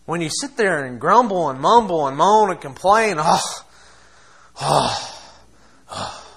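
A man preaching a sermon, impassioned, swinging between quiet asides and loud exhortation. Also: high voice, animated, moderate pace, breathy edge. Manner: impassioned, acts out quoted voices, laughs between points.

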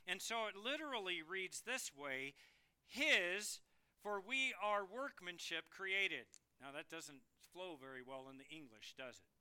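A man delivering a sermon from a church pulpit, his voice pitched high and strikingly bright. He leans hard on key words and builds to loud, forceful bursts before dropping back to a quieter, measured teaching tone. The delivery is smooth and clear throughout. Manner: emphatic, rising to loud bursts. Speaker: pastor.

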